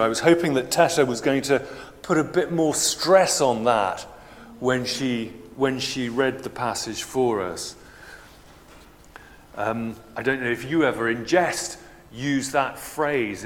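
A man preaching a sermon in a measured, explanatory, conversational way. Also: medium pitch, a little hiss or hum. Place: church. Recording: long church reverb.

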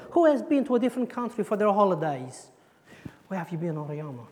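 A woman's voice: mid-range voice, lively intonation, quick pace, warm tone. A woman giving a playful children's sermon in church, joking and quizzing her audience. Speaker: preacher leading a children's talk. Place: church hall. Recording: echoey church hall.

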